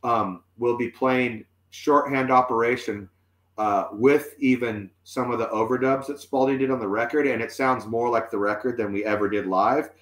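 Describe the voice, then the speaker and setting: A man's voice: mid-range voice, steady tone, normal speed, a bit bright. Rambling man with a roomy echo. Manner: rambling, many fillers and restarts. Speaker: musician guest. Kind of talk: casual storytelling chat. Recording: roomy echoey sound.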